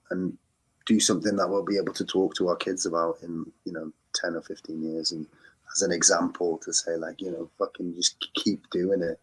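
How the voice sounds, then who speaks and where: A very deep-voiced English man talks in a casual podcast interview. He rambles and corrects himself mid-sentence, earnest about why he makes music. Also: slightly rough. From England. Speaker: guest musician.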